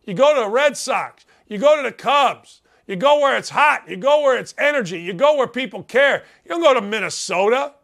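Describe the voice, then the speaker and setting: A man in his late fifties hosting a sports talk show, ranting bluntly and combatively, hammering his points and breaking into shouts. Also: very high voice, animated, normal speed, creaky, hardly any pauses. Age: 50s. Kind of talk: sports talk radio rant.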